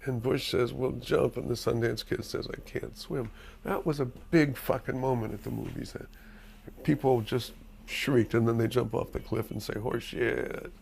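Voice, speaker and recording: Gravelly older man telling stories. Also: mid-range voice, moderate pace. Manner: animated storyteller, profane and emphatic. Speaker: screenwriter being interviewed. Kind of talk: candid interview storytelling.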